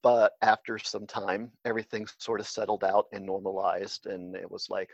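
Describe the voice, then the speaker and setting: A man's voice: on the low side, fairly even intonation, moderate pace, no room sound. A man talking casually as an interview guest, hesitant and full of fillers and restarts, heard on a dull, slightly lo-fi recording. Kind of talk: casual conversation.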